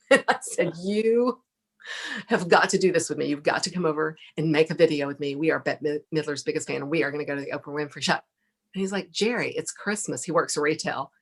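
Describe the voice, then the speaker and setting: Low gravelly woman telling a story. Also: a little fast. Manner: lively storyteller, laughs often, acts out quoted lines. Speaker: podcast guest. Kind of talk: casual storytelling interview.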